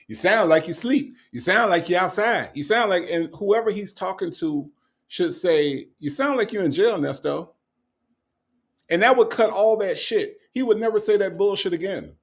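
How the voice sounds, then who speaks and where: A man with a gravelly, creaky voice hosts a casual livestream in a slightly high register. His pitch swings widely as he reads viewer comments aloud and mocks them, laughing often and repeating lines. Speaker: livestream host reading chat.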